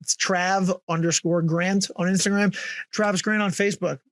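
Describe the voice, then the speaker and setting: A young comedian guest on a podcast, telling profane, animated stories and acting out the people he quotes. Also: high-pitched, normal speed, no room sound. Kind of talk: casual podcast chat.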